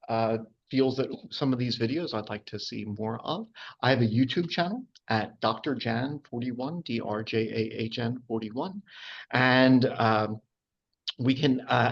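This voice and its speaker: A man's voice: medium pitch, fairly bright tone, lo-fi sound. A man teaching anatomy to a live class in a chatty, informal way, full of fillers and asides. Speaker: anatomy and physiology instructor. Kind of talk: informal public lecture.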